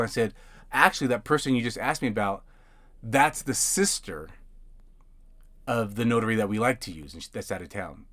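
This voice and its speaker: A man's voice: mid-range voice, brisk, a bit bright. A man hosting a podcast, telling work stories in a loose, rambling way from inside a parked van. He stumbles over and repeats his words, and he slips into other people's lines as he recounts them. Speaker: podcast host and notary. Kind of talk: casual storytelling monologue.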